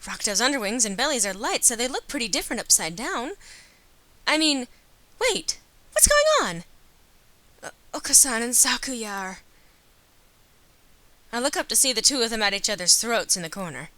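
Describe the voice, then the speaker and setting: A woman reading a dating-sim game aloud as a let's player, adding wry, deadpan asides. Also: fairly high pitch, fairly quick, dry recording. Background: game music.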